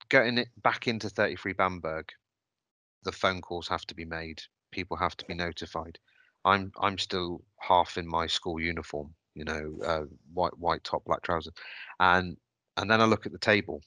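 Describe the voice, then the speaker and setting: A man's voice: low-pitched, steady tone, normal speed, pushed and bright, no room sound. A man telling a personal story on a podcast, hesitant and reflective, often restarting his sentences. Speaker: podcast host.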